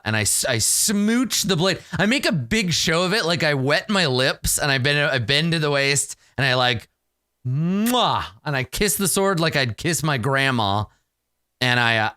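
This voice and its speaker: Bright, crisp-voiced man playing solo. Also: medium pitch, no room sound, clean studio sound. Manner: casual, self-mocking. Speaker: solo game player and narrator. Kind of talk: narrating a solo tabletop game.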